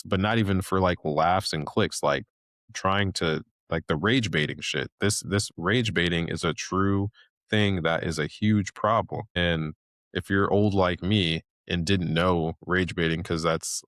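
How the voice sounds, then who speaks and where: Low voiced guy in his 30s ranting on his podcast, lots of likes and restarts, dry room. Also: a bit bright, no echo. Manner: rambling, loose, with many fillers and restarts. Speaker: podcast host. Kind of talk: casual ranting monologue.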